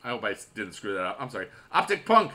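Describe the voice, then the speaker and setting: A man in his forties, a mobile game YouTuber, chatting casually and excitably while he plays, with goofy loud shout-outs to viewers. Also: fairly low pitch, fast talker. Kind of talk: casual gaming commentary.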